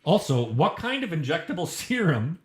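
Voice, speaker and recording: A man's voice: fairly high pitch, very animated, normal speed, echoey room. A man co-hosting a podcast, chatting casually in a crude, sarcastic, joking way. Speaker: podcast co-host. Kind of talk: casual chat. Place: shared room with co-host.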